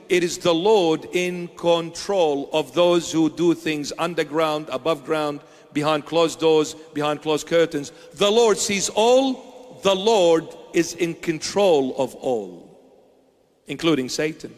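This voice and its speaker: A man's voice: fairly high pitch, long reverb tail. A man preaching a sermon as a bishop, emphatic, firing off repeated rhetorical questions.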